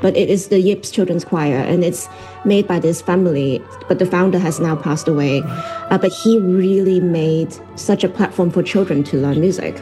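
A woman's voice: on the low side, normal speed, music in the background. A woman conductor from Hong Kong, answering interview questions earnestly with many fillers. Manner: earnest, lots of fillers, laughs while telling stories. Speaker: orchestra conductor. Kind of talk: broadcast interview.

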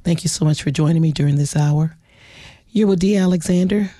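A woman hosting a jazz radio show, hoarse and raspy from being under the weather, chatting in a relaxed, personal way. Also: sits low, a little fast, dry recording, clean studio sound. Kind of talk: radio announcing. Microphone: studio microphone.

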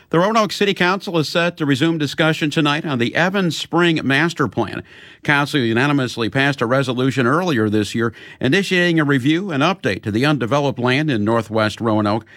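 A man reading local radio news and weather in a steady, measured way at a studio microphone. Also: medium pitch, no echo. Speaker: local newscaster.

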